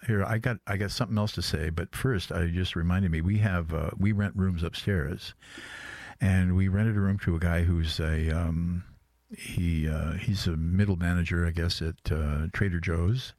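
A man hosting a casual radio show, talking in a rambling, halting way with many restarts. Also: deep voice, steady tone, a little mellow, no echo. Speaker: radio host.

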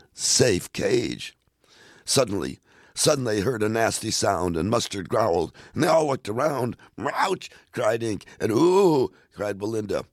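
Deep gravelly man reading poems aloud. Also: dry recording, clean studio sound. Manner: playful, expressive read-aloud delivery.

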